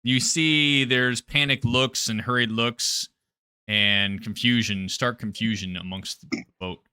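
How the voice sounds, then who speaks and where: A man narrating as game master in a tabletop role-playing game, shifting into a dramatic, hushed delivery for descriptions. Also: steady tone, slow, clear, resonant tone, no echo, clean studio sound. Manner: dramatic, drops low and quiet for the creature's thoughts.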